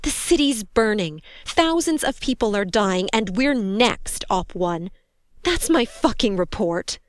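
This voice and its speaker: A woman's voice: mid-range voice, lively intonation, slow, pushed and bright, no room sound, clean studio sound, heavily acted. A woman voicing a seventeen-year-old female soldier, worn out, who talks in clipped, sarcastic bursts and swears. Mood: bitter. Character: young female soldier, seventeen, exhausted and bitter.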